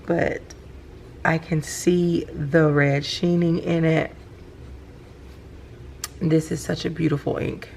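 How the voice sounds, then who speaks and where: Low, gravelly woman gushing. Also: slow, pauses often, slight background noise. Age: middle-aged. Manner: chatty, gushes with excitement. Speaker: planner vlogger. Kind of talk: casual show-and-tell vlog. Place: home at night, indoors.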